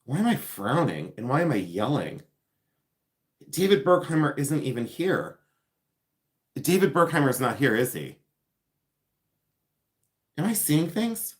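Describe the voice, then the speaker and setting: A man hosting a casual live stream, chatty and excitable, talking straight to the chat and slowing down to explain details. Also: mid-range voice. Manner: slows down to explain quilt details. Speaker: live-stream reseller host.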